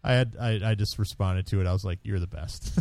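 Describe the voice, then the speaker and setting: Lively, laughing podcast co-host man. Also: lowish voice, no echo. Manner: laughs often, swears freely, reads listener posts aloud. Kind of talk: casual chat.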